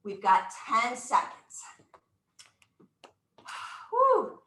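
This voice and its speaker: A woman's voice: a little high, huge pitch swings, extremely slow, pushed and bright, reverberant, rough recording. A woman leading a live exercise class, upbeat and encouraging, counting out moves with whoops and getting out of breath. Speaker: exercise instructor.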